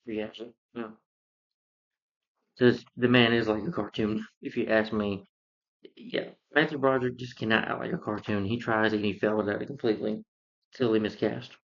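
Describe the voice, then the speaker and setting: A man's voice: on the low side, steady tone, normal speed, creaky, lo-fi sound. A man casually reviewing a film, rambling through the plot with lots of fillers and restarts. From lives in Georgia, US.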